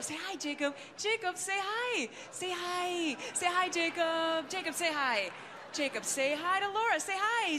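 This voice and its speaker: A woman doing a shrill sing-song young mom. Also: noisy background. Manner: sing-song, insistent repeating. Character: chirpy young mother coaxing her toddler.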